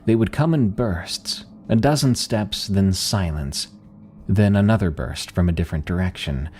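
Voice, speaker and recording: A man telling a first-person horror story as scripted narration, slow and grave with dramatic pauses. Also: sits low, a little mellow, a little hiss or hum.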